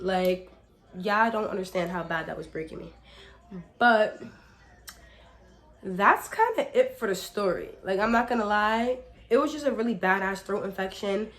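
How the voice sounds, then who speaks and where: A young woman vlogger telling a casual storytime. She sounds slightly hoarse from a cold, talks chattily, swears freely, and fills her speech with "like" while speaking straight to her viewers as y'all. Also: medium pitch. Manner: addresses viewers directly as y'all.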